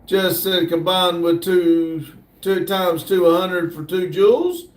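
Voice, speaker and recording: A man hosting a casual livestream, slowly reading viewer comments aloud in a drawl. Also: high-pitched. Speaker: livestream host reading chat. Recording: echoey room, distant mic.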